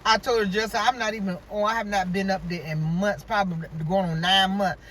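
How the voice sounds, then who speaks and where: A woman's voice: mid-range voice, a little fast, a little hiss or hum. A woman telling a story in a casual vlog rant, acting out quoted dialogue and exclaiming about God. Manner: animated, acts out quoted dialogue, religious exclamations. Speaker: vlogger. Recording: voice from far off the mic.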